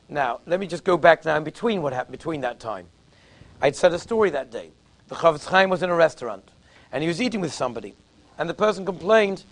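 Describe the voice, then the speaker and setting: A man's voice: fairly high pitch, fast. A man giving a sermon in a conversational, anecdotal storytelling way. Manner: conversational, anecdotal, uses Yiddish and Hebrew terms. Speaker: rabbi giving a talk.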